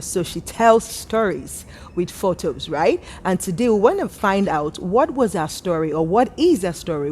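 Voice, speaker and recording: A woman hosting a podcast in an energetic, expressive way. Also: on the low side, slight background noise. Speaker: podcast host.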